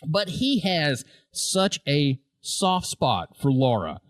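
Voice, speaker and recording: A podcast co-host talks casually about a TV show in a slightly high, sing-song voice at a slow pace. Laughing often, he replays favorite scenes and acts out quotes; the recording is dry and studio quality.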